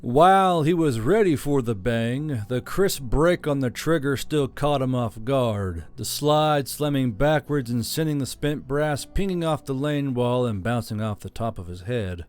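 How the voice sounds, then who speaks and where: A man's voice: medium pitch, unhurried, few pauses. Man narrating a story.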